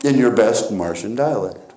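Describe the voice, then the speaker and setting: Male stage hypnotist, slow guiding patter with laughs, echoey hall. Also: on the low side, expressive, dark tone. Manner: slow guiding suggestions, chuckling at volunteers. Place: theater stage before a live audience.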